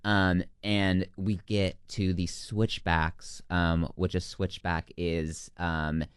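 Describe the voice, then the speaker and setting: A young man with a very deep, smooth voice tells a long story from his camp counselor days. His speech rambles and leans heavily on "like" and "um". The sound is dry and close. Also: little pitch movement, takes it slowly, no echo. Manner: rambling, heavy use of "like" and "um". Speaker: guest, former camp counselor. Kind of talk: casual storytelling.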